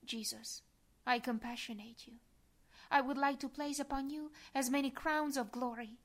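A woman reading a devotional prayer aloud in a soft, reverent manner, sometimes dropping to a breathy whisper. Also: sits high, steady tone, normal speed. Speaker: devotional reader.

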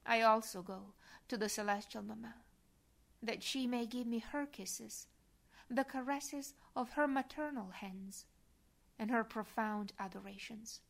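Soft reverent woman reading a prayer. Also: a little high, a little slow. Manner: soft, reverent, prayerful, sometimes dropping to a breathy whisper. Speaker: devotional reader. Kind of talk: reading a devotional prayer aloud.

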